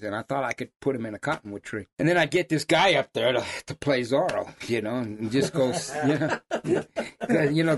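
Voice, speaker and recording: An older man, telling hunting stories in a folksy, animated way. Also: mid-range voice, slightly rough. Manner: folksy, animated storyteller who laughs at his own stories. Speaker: lion hunting guide. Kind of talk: casual storytelling.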